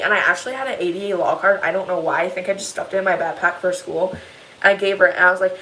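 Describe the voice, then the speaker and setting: A teenage girl telling a long, rambling story in a casual vlog, upset and animated as she retells it. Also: on the low side, rapid-fire, a little hiss or hum, poor audio. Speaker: vlogger.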